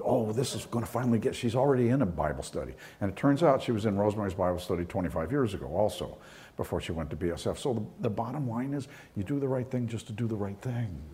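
A man preaching a sermon in a low, mellow voice, moving easily between everyday anecdotes and points made with rising fervor. His delivery stays conversational and story-driven, with plenty of restarts as he talks. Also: a little hiss or hum. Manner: conversational storytelling, voice climbing higher and louder when preaching. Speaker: pastor. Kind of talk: sermon with personal stories.

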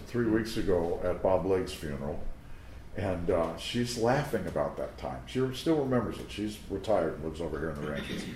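A low-pitched, darkish male voice belongs to a pastor giving a sermon in a teaching room before a live audience. He relies on conversational anecdotes and asides to the crowd, and the recording carries a roomy echo with slight background noise.

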